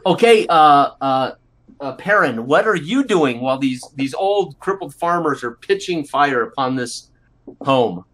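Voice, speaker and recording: A man narrates a tabletop role-play session as its game master. His voice sits a little higher than most men's, and he talks in halting bursts full of fillers and restarts. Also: lively intonation, fairly bright tone.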